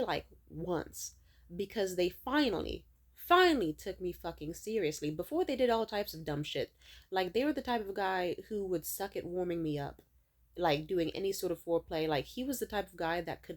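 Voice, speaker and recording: A young adult woman venting to camera in a casual vlog, blunt and profane, telling her story with animated emphasis. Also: mid-range voice, moderate pace. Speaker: vlogger.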